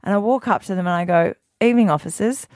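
Woman radio host, lively and laughing, close and dry mic. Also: fairly low pitch, fast talker, clear, resonant tone, no room sound. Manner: animated, laughing storyteller. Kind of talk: casual radio banter.

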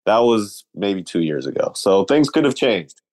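A man analysing basketball trades in a casual talk show, measured and weighing each side. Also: lowish voice, big pitch swings, darkish tone, no echo. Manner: measured, weighing options, with restarts.

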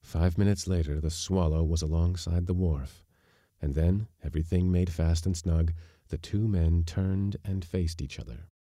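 A man reading a short story aloud as a podcast narrator, with measured, even storytelling. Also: low-pitched, no echo, studio quality. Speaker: audiobook narrator. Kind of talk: scripted narration.

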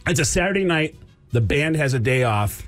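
A man's voice: on the high side, lively intonation, moderate pace, fairly bright tone, faint music behind. A man guest on a radio show, a comedian and voice actor, telling stories with energy and slipping into other people's voices. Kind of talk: animated storytelling on a radio show. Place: radio studio.

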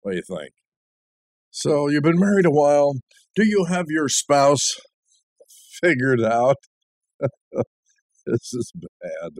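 A man's voice: a little high, big pitch swings, slow pace, pauses often, no room sound, studio quality. An older man in his eighties hosting a Christian radio talk show, chatty and joking, laughing at his own lines.

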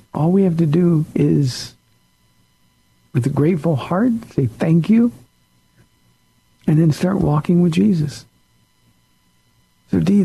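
A man's voice: a little high, gravelly, mellow, husky, poor audio. A pastor on a call-in radio show, a man answering listener questions in an earnest, plain-spoken way.

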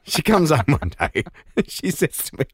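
A man's voice: fairly high pitch, huge pitch swings, slow, husky, no room sound. A middle-aged man, a radio host in a studio, telling a story in casual chat and breaking into laughter often.

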